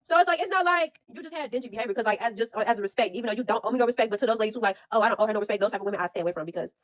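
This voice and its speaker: A young woman telling a story in a blunt, profane, animated way, in casual chat. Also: on the high side, racing, dry recording. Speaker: storyteller host.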